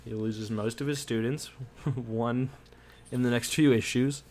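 A man's voice: mid-range voice, steady tone, a little slow, a little mellow. A man with a slightly sick voice, co-hosting a casual chat, rambling with many ums and restarts. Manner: rambling, hesitant with frequent ums and likes. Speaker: podcast co-host.

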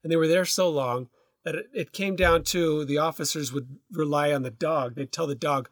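A man's voice: a little high, moderate pace, dry recording, studio quality. A man co-hosting a podcast, telling stories in a loose, rambling way with lots of restarts. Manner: rambling storyteller, loose and relaxed with many restarts. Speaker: podcast co-host. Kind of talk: casual conversation.

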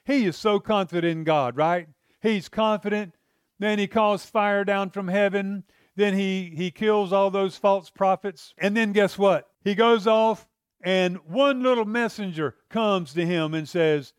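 Male preacher, high clear voice, dry close sound, fervent sermon delivery. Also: measured pace, no echo. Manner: impassioned, rhetorical questions to listeners.

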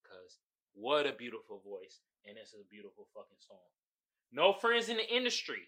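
Animated, profane podcast host. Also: male voice, mid-range voice, moderate pace. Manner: profane, animated, laughing often. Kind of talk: casual album review monologue.

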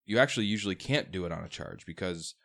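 A man's voice: low-pitched, lively intonation, fast talker, gravelly, fairly bright tone. A man acting as game master, explaining rules step by step and thinking aloud as he runs a tabletop game.

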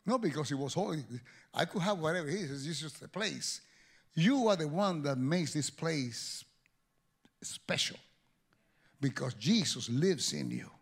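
A male pastor delivers a sermon in a high, gravelly voice that swoops up and down with energy. He jokes with people in the congregation and turns them back to his point. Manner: animated, joking with the congregation.

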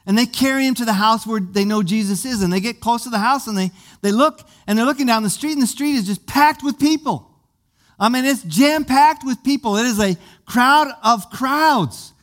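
A man's voice: extremely high pitch, animated, moderate pace, a bit bright. A man preaching a sermon, vividly retelling a scripture story with many questions to his listeners and often repeating small words as he goes.

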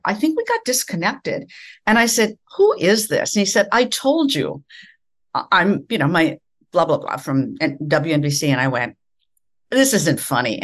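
An older woman from the American Midwest, a former news anchor, telling stories in conversation and acting out the dialogue. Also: low-pitched. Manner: animated storyteller acting out dialogue. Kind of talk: conversational storytelling.

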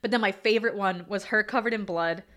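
A woman co-hosting a casual movie podcast, animated and quick to laugh as she acts out scenes. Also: mid-range voice. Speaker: podcast co-host.

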